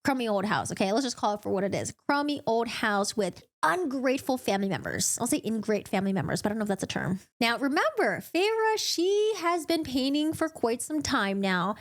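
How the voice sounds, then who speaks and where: A young woman gives a casual, rambling recap of a novel to her viewers. She giggles often and jumps into playful voices for the characters. Her voice sits a little above the usual pitch for a woman. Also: sing-song. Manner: chatty, giggly, acts out characters in quick put-on voices. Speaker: book channel host.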